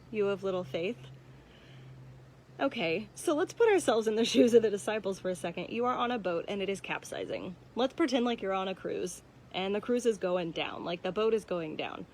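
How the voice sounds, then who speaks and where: A young woman talks through a church devotional in an easygoing, personal way, often saying "um" and "like". Her voice sits in a middle range, and a faint hiss lies behind it. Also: mid-range voice. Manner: conversational, frequent "um" and "like", personal and candid. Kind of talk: casual spoken devotional. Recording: faint background noise.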